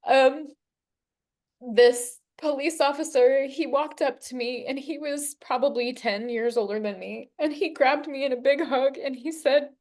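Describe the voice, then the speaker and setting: A woman in her forties giving an earnest, emotional personal testimony as an interview guest, unhurried, with long pauses. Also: high voice, fairly even intonation, darkish tone. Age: 40s.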